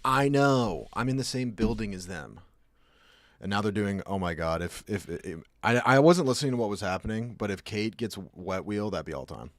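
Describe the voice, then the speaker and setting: A man's voice: on the low side, lively intonation, fairly quick, dry recording. A man streaming and chatting casually, rambling through jokey asides. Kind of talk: casual chat.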